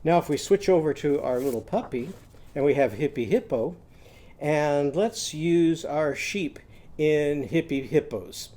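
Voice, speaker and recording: A man's voice: on the high side, measured pace, dark tone. A man teaching young children a phonics lesson, singing little chants and leading sound drills for them to repeat.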